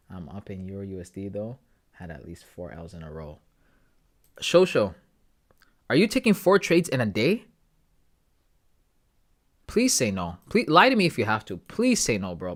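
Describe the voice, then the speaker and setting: Laid-back joking man streaming his trades. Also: fairly low pitch. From Ghana. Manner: laid-back, joking, talks to chat with slang. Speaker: forex trading streamer. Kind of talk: casual live-stream chat.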